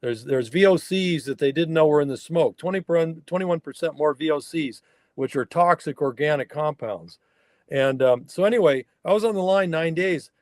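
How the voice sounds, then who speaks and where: A wild horse researcher from the northern California mountains tells a story as a guest on a remote interview, acting out the people he quotes. His male voice is a little high, at a moderate pace, in a dry recording.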